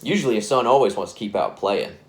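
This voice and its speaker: Male storyteller, casual and rambling, lively swooping delivery. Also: lowish voice, fast, slight background noise. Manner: casual, rambling, self-correcting. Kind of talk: spoken scary story narration.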